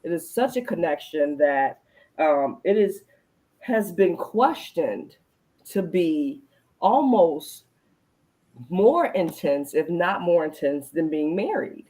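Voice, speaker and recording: A woman with a fairly low voice hosts a casual adult conversation. Her pitch swings widely as she tells stories with energy. She acts out her own reactions and swears casually. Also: expressive, slow pace, warm tone, low-quality recording. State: recalls being pregnant at the time, not now. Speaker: podcast host.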